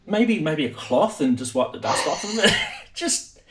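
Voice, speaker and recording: Host, animated and lively, chatty, laughs a lot, slightly higher-pitched man. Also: normal speed. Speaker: live stream host. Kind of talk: casual live-stream chat.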